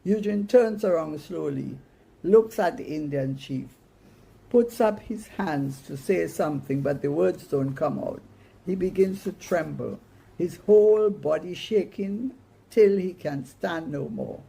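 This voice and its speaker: A woman reads a short story aloud at a slow, deliberate pace, giving the telling plenty of expression. Her voice is high for her reading, with a gravelly fry and a husky, dark, mellow tone. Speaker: story reader.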